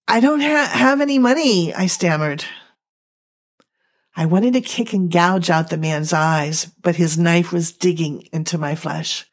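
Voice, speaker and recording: A young woman telling a dramatic first-person story in a slow, emotional, halting reading. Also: on the low side. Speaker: narrator.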